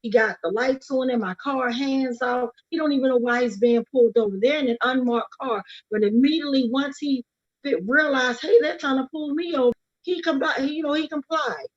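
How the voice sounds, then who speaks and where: Fired-up woman speaking out at a rally, higher voice, kinda dull lo-fi stream sound. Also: normal speed. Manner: urgent, emphatic, repeating key words. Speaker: activist speaking about her brother's death. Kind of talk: impassioned speech at a livestreamed rally. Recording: lo-fi livestream audio.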